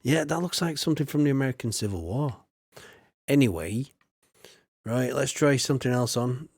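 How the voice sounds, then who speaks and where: A man's voice: medium pitch, expressive, normal speed, a little mellow, slightly rough, dry recording, studio quality. Chatty man streaming a game. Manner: chatty, jokey, reads chat aloud. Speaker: streamer playing a farming game. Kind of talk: casual gaming commentary.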